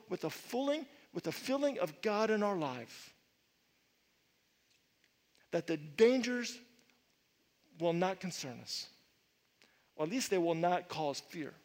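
A middle-aged male pastor preaching a sermon, telling stories with animated swings and sudden loud outbursts. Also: sits high, measured pace, pauses often. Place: church sanctuary with long reverb. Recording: reverberant church hall.

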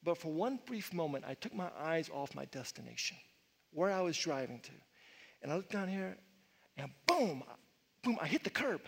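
High-voiced pastor preaching in a reverberant hall. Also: male voice, a little fast, creaky, husky. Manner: animated storytelling with sudden loud outbursts. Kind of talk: sermon. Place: church sanctuary with long reverb.

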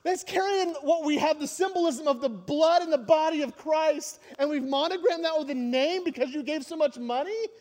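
A male pastor delivering an animated, joking sermon in a church, with a very high voice for a man. He presses his points with emphasis. A long hall reverb rings after his words. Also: normal speed, few pauses. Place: church sanctuary.

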